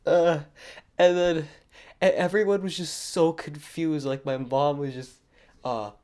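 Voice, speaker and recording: A man's voice: fairly high pitch, steady tone, a little slow, darkish tone, clean tone. Rambling, laughing man in casual chat. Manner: rambling, hesitant questions with laughter. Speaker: podcast co-host.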